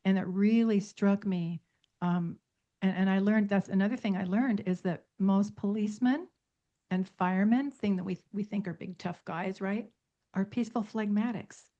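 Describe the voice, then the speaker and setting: A woman's voice: mid-range voice, unhurried, dark tone, lo-fi sound. A middle-aged woman teaching about temperaments on a radio talk show, emphatic, stringing words into long lists and repeating points for stress.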